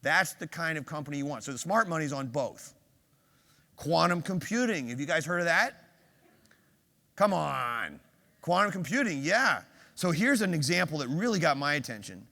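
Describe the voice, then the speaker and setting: An older man delivers a conference keynote in a bright, forceful voice set a touch high. He keeps the energy up and throws quick questions at the audience. The stage mic carries a long reverb from a big hall. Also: sing-song. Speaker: keynote speaker.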